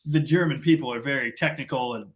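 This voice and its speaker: A man's voice: medium pitch, quick pace, muffled recording. A middle-aged man from Canada hosting a casual live stream, rambling and self-deprecating in long run-on sentences.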